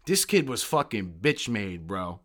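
Profane, animated army veteran man. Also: fairly low pitch, measured pace. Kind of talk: casual podcast chat.

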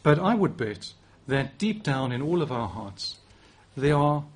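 A South African man in his forties delivers a sermon in a relaxed, conversational way. His voice is slightly husky and his pitch sits in an ordinary middle range. He often restarts phrases and teases himself gently as he talks. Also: unhurried. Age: 40s. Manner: conversational, self-deprecating, with frequent restarts. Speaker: preacher.

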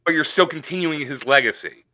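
A man's voice: fairly high pitch, a little fast, pushed and bright, no echo. A man co-hosting a podcast, talking bluntly and swearing freely. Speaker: podcast co-host. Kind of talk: casual podcast chat.

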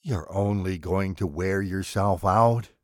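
A man voicing a calm, polite killer in an audiobook, speaking in a precise, mannered and coolly threatening way. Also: low-pitched, takes it slowly, no echo, studio quality. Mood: menacing. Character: calm, menacing male killer, polite and unhinged.

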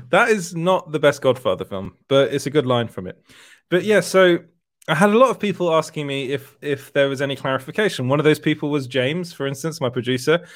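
A man's voice: on the high side, lively intonation, a little fast, dry recording. British male host, casual rambler who keeps restarting his sentences, dry close sound. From Britain. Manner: rambling, self-correcting, laughs often. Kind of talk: casual livestream chat.

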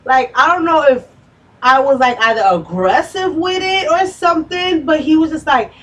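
A young woman telling a story in a casual chat, animated and full of "like", swearing freely. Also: high voice, moderate pace. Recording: distant mic with light background noise.

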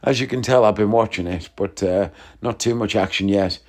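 A man's voice: fairly low pitch, normal speed. Chatty, jokey man. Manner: chatty, jokey, laughs at his own stories. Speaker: podcast host. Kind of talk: casual storytelling chat.

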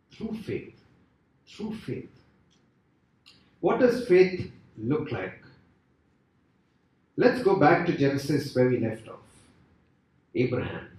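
Guy preaching slow and sing-songy, heard from far back in a big echoey church. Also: medium pitch. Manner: expressive, rising and falling delivery with rhetorical questions. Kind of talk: sermon.

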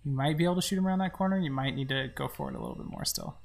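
A woman's voice: sits low, huge pitch swings, very fast, vocal fry, a little hiss or hum. A woman giving chatty, exasperated, joking commentary while playing a co-op game. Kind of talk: casual co-op gameplay commentary.

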